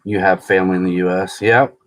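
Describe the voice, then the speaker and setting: A man with a deep voice chats casually and quickly on a live stream about his baseball card collection, his intonation fairly even. He rambles a bit, reading viewers' comments aloud and answering them as he goes.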